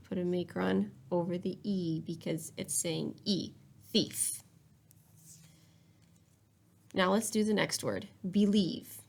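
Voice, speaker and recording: Woman, elementary teacher, spelling lesson for kids, patient step-by-step, gravelly fry. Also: medium pitch. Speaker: third-grade teacher. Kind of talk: recorded spelling lesson for children.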